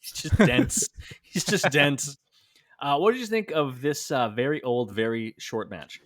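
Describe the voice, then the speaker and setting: Lively chatty man, podcast co-host. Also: mid-range voice, unhurried, no echo, clean studio sound. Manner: chatty, laughing, lively teasing. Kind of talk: casual chat.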